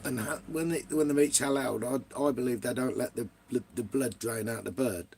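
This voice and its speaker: Middle-aged English guy, gravelly voice, blunt and rambling, swears constantly, chatting to viewers on a livestream. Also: mid-range voice, normal speed, noisy background. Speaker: vlogger. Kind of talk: casual livestream chat, answering viewers.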